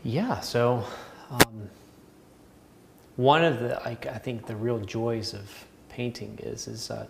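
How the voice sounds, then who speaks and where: Relaxed Southern man chatting while painting. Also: medium pitch, vocal fry, slight background noise. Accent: Southern American. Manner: relaxed, rambling, laughs often. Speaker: painting instructor. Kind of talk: casual chat while painting.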